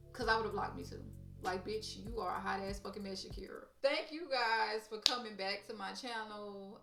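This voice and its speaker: A woman's voice: mid-range voice, distant mic. A woman vlogger telling a story in casual chat, blunt and profane, talking straight to her viewers. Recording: roomy echo, off-mic, faint music.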